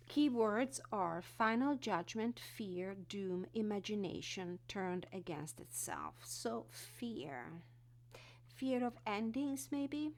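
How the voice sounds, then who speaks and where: A woman walking through an oracle card deck, reading card texts and explaining them in an unhurried way. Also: medium pitch. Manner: unhurried, reads card text then explains with fillers.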